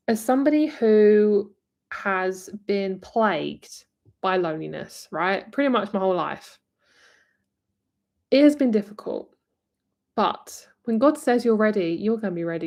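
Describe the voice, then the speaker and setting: A woman from near London with a southern English accent, giving a rambling, chatty live-stream tarot reading and calling the viewer "my lovely". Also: medium pitch. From England, near London. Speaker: tarot reader.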